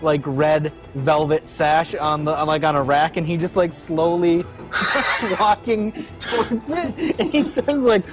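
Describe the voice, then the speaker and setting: A man playing a tabletop game, casual and halting, full of fillers and giggles. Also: on the high side, over music. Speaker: player.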